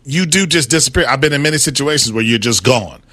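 Teasing man, bright lively voice. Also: mid-range voice, fast talker, a little hiss or hum. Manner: teasing, laughs often. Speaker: sports talk show co-host. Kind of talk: casual banter.

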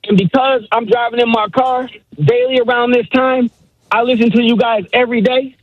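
High-voiced male caller, dull phone sound. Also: fairly even intonation, normal speed, no echo. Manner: enthusiastic, fan-like, cheering. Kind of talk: call-in on sports radio.

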